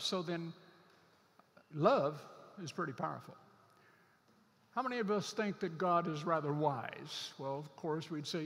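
A man preaching a sermon as a pastor, earnest, slowing down and stretching key scripture words to drive them home. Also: fairly high pitch, creaky, fairly bright tone, in a large hall.

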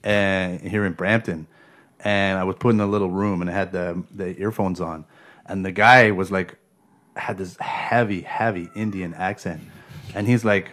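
A man's voice: low-pitched, fairly even intonation, normal speed, fairly bright tone. A podcast host in casual chat, telling funny stories and acting out both sides, often laughing as he talks. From Canada.

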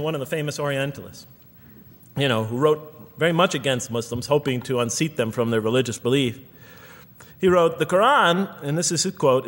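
A man's voice: a little high, a bit bright. A man giving a public lecture, earnest and rhetorical, counting off points one by one. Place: lecture hall. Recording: lecture hall with long reverb.

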